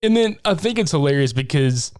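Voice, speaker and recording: A man's voice: a little high, lively intonation, fairly quick, a little mellow. A man co-hosting a podcast, casually recapping a horror film, swearing often, laughing and acting out its lines. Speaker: podcast co-host. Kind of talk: casual movie recap chat.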